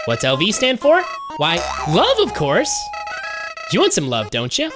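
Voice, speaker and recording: A man's voice: sits high, wildly swooping pitch, measured pace, full character voice. A man voicing a sickly sweet male flower with a singsong drawl that turns menacing, over game music. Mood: sugary. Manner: singsong folksy drawl turning to growling menace. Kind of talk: let's play character voice.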